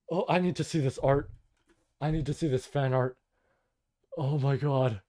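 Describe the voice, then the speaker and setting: A man's voice: mid-range voice, moderate pace, long pauses. A man streaming a live reading, reacting with overwhelmed, swearing, emotional outbursts. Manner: loud bursts of excitement. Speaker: streamer reading a light novel aloud.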